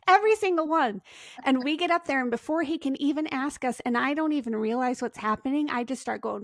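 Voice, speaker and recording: A woman's voice: high-pitched, brisk, no echo, clean studio sound. A woman hosting a podcast, chatting and telling a story with laughter. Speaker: podcast host. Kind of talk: casual interview chat.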